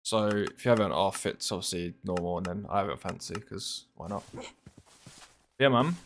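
A man's voice: low-pitched, moderate pace, slight background noise. A young man with an English accent, chatting casually with his live-stream viewers while he plays, reading out chat and swearing offhandedly. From England. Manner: laid-back, chatty, swears casually, reads chat aloud.

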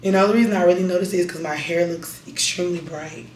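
Raspy-voiced woman chatting in a roomy space. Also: lowish voice, fast, slight background noise. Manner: chatty, addresses viewers as y'all. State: raspy, strained voice. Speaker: vlogger. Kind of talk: casual chat to camera. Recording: roomy echo.

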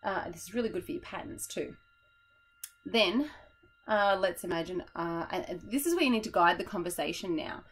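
A woman's voice: on the low side, expressive, normal speed, husky, low-quality recording. A young woman teacher, explaining a classroom method in a chatty, tired way and laughing at herself.

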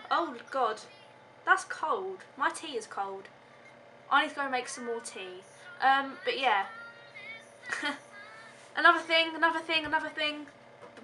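Giggly high-voiced young woman rambling. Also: bright, forceful tone. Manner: giggly, scattered, hesitant with many ums. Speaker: vlogger. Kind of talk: casual rambling vlog.

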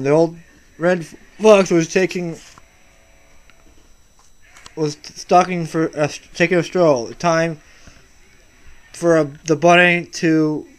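A man reading a picture book aloud to his child, soft and patient, often stopping and restarting words. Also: a little high, smooth.

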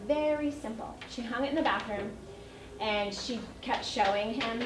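High-voiced chatty woman in echoey room. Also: normal speed, background noise. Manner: chatty storytelling with laughs. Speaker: early childhood educator. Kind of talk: parent training talk. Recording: echoey room, mic at a distance.

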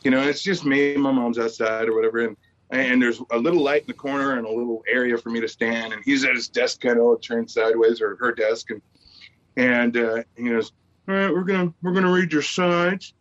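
A man in his forties, a podcast guest, telling a story in a lively, stand-up style and slipping into voices for the people in it. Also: mid-range voice, brisk. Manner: animated storyteller, jumps into voices for quoted people. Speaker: guest actor. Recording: slightly dull lo-fi audio.

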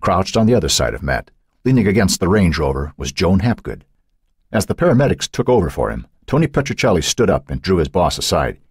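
A man narrating a thriller audiobook in an expressive, suspenseful reading. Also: deep voice, a little fast, husky, dry recording, studio quality.

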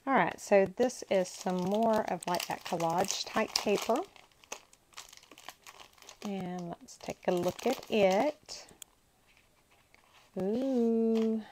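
A woman's voice: mid-range voice, takes it slowly, darkish tone, a little hiss or hum, poor audio. A woman hosting a crafting channel, chatting casually and gushing to herself as she unboxes paper supplies. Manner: gushing, talks to herself while handling paper.

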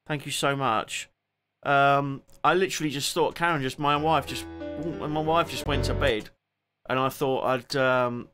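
A man from England with a Cockney accent chats casually on a home live stream as a music streamer, seated rather than putting on a show. His mid-range voice has a crisp brightness, and his loose, rambling talk trails off and picks up as he names and thanks viewers one by one.

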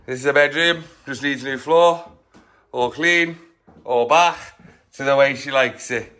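Man, bright forceful tone, upbeat slangy walkthrough vlog talking straight to viewers. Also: medium pitch, measured pace. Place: house being renovated, then walking outdoors.

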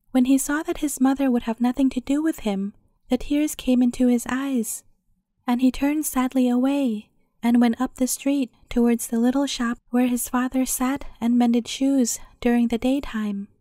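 A woman narrates a fairy tale in a calm, even storytelling voice. Her pitch sits high while the tone stays dark and mellow. The recording is dry and close. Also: dry recording.

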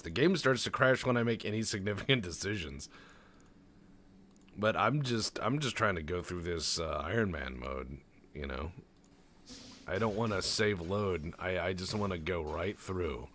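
A man's voice: low-pitched, animated, moderate pace, fairly bright tone. A man doing rambling, profane, jokey let's-play commentary over a strategy game, tossing in goofy voices. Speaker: gaming channel host.

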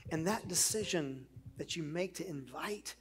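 A man's voice: fairly high pitch, measured pace, crowd noise. A middle-aged man who is a pastor, preaching a sermon in an earnest way, with rhetorical questions and conversational asides.

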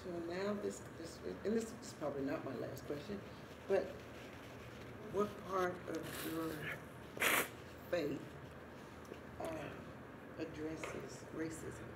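An interviewer asks a question slowly and hesitantly, in a low, gravelly voice. The voice comes from a distance in a roomy space, with loud noise behind it. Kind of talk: oral history interview.

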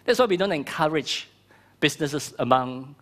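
A middle-aged male pastor preaching a sermon with a fairly high voice. He talks in an animated way and acts out the voices of the people he quotes. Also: normal speed. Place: church hall.

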